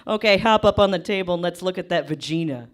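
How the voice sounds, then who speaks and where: A woman's voice: on the low side, fast, close to an everyday voice. A woman comic voicing a careless, breezy male doctor.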